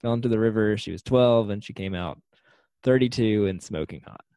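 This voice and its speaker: A man's voice: fairly low pitch, brisk, clear, resonant tone, dry recording. A man co-hosting a casual podcast, joking wryly through a TV episode recap. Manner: wry, joking, lively delivery. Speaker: podcast co-host.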